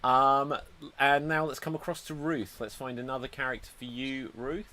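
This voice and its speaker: A man's voice: medium pitch, steady tone, moderate pace, sharp tone. A man hosting a live improv comedy show over a video call, upbeat and giggly. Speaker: host.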